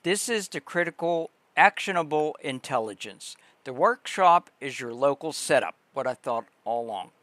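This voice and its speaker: A man hosting a livestream, reading a long text aloud slowly and deliberately, pausing and restarting words. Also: on the high side, lively intonation, a bit bright, no room sound. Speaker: livestream host.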